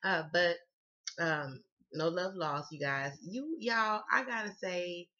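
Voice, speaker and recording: A woman with a Southern US accent talks straight to her viewers as a tarot reader, loose, slangy and quick to cuss. Her voice sounds bright and sharp. The recording is dull and lo-fi, like a home setup. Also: fairly low pitch. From Southern United States. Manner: chatty, slangy, swears freely. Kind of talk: casual tarot reading to camera.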